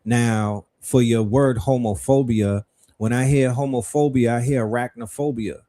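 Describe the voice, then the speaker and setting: A man's voice: medium pitch, steady tone, unhurried, warm tone. A middle-aged man hosting a livestream, speaking in a rhetorical, questioning style with blunt profanity. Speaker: livestream host. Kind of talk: livestream commentary.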